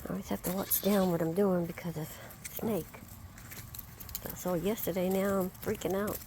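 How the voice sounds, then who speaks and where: A woman's voice: on the low side, fairly even intonation, normal speed, noisy background. A woman, filming outdoors on her backyard farm and chatting affectionately to her animals in a casual baby-talk manner.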